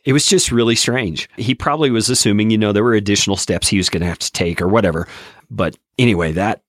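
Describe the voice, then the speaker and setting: A man, a podcast host, telling stories in a relaxed, reflective casual chat. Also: lowish voice, fast, no room sound, clean studio sound.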